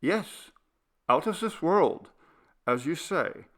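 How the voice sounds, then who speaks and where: A man voicing a polite foreign gentleman, raised and gentle. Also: fairly high pitch, lively intonation, takes it slowly, pitched above the performer's own voice. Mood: reassuring. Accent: vague foreign accent.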